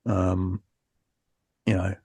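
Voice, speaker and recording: A man hosting a podcast, chatting frankly with lots of fillers and restarts while low on energy after an illness. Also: flat delivery, extremely slow, creaky, darkish tone, slightly rough, no room sound. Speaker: podcast host. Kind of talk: casual podcast chat.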